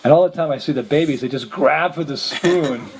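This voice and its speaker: A man's voice: on the high side, a little fast. A man, a visiting monk, telling a story to a gathering, chuckling often as he speaks. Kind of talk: storytelling talk. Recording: noisy lecture recording.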